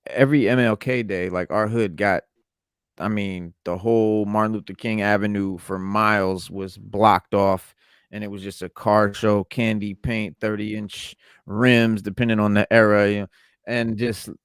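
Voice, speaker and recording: Laid-back low-voiced man telling stories. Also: level tone, moderate pace, smooth, no room sound, clean studio sound. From New York. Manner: laid-back slangy storytelling. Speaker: podcast co-host. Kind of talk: casual chat.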